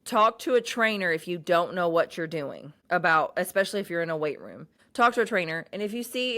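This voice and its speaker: A young woman with a fairly low voice, hosting her own podcast in a loose, unscripted monologue. She talks bluntly and swears freely, often restarting her sentences as she rambles on. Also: fairly bright tone. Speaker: podcast host. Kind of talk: casual solo podcast monologue.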